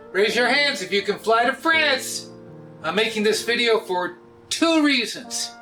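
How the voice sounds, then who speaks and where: A man, hosting a casual cooking vlog in a joking, often loud way. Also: high voice, sing-song, slow, faint music behind. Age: 60s. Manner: jokey, often laughs and raises his voice. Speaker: cooking video host.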